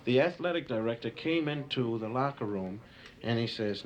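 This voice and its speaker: A man's voice: mid-range voice, lively intonation, normal speed. A man telling stand-up stories in a loose, rambling way full of asides, recorded on a hissy home tape. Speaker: stand-up comedian. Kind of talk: stand-up storytelling.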